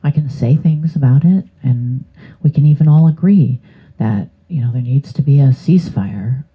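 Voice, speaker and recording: A woman's voice: extremely low pitch, moderate pace, husky. A woman giving a casual tarot reading to her channel, rambling and hesitant with many fillers. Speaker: tarot reader. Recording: tinny phone-like sound.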